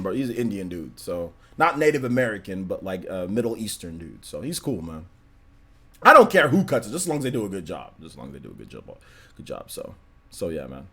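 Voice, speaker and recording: A man's voice: mid-range voice, a bit bright. A young man hosting a gaming livestream, chatting loosely and telling stories animatedly, full of "man" and "like". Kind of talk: casual livestream chat.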